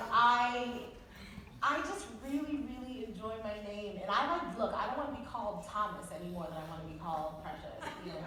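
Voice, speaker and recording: Animated woman in an echoey hall. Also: mid-range voice. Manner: animated, laughing, voice jumps up when exasperated. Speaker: author on a book tour. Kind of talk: casual storytelling to a live audience. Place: event hall with an audience. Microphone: audience camera recording from afar. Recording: echoey hall recorded from far off with crowd noise.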